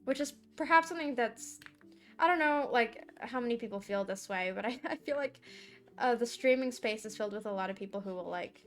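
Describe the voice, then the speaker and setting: With a fairly high, expressive voice and a slightly fast delivery, a young woman draws on her art stream while chatting casually and giggling. She sometimes coos baby talk to her cat, and soft music plays underneath.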